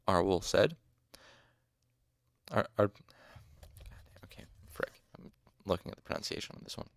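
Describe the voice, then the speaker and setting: Male fan audiobook reader, low gravelly voice, dry close sound. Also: expressive, a little slow, pauses often, no echo. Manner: casual asides, mild exasperation at hard names.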